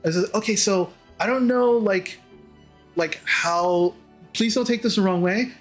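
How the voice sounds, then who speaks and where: A man's voice: high voice, unhurried, faint music behind, pitched above the performer's own voice. A man voicing a chatty, eager male tavern bartender who rambles and apologizes. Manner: rambling, apologetic, talks too much.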